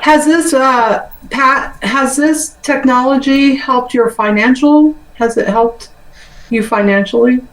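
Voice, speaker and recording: Higher-voiced woman host asking questions. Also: roomy sound, poor audio. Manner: halting, simple questions. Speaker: channel host. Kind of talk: interview questions.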